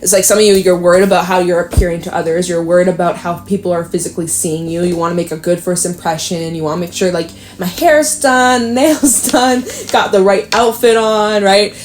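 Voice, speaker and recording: A woman's voice: on the low side, darkish tone. A woman giving a casual tarot reading to the camera, chatty and upbeat, swearing freely and laughing often as she talks straight to her viewers. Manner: upbeat and encouraging. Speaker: tarot reader.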